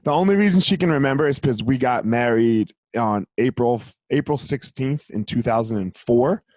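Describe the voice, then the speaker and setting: A man hosting a casual interview show, rambling through questions, swearing casually, and growing animated when telling stories. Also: mid-range voice, normal speed. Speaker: podcast host.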